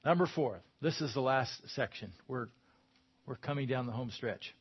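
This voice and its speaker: A man's voice: medium pitch, moderate pace, breathy edge, muffled recording. A man preaching a sermon in a conversational way, with emphatic bursts when he quotes scripture.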